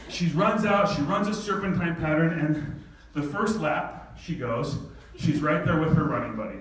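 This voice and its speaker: A man tells a personal story to an audience, animated and laughing often, his voice sitting a bit high for a man. He is picked up from well back in a very echoey hall. Faint noise sits behind him. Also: a little fast, few pauses, recorded from a distance. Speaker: speaker.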